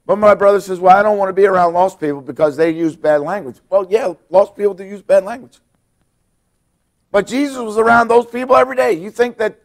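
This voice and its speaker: A middle-aged man preaches a sermon to his congregation in a church. His voice sits a little higher than most men's. He moves between quiet, hushed lines and loud, emphatic ones. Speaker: pastor. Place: church sanctuary.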